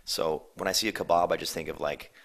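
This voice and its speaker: A young man from San Diego answering rapid-fire questions in a casual, rambling chat. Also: rumbling low, fairly even intonation, gravelly, a bit bright. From San Diego, USA. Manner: rambling, laid-back, lots of fillers. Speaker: band member answering questions.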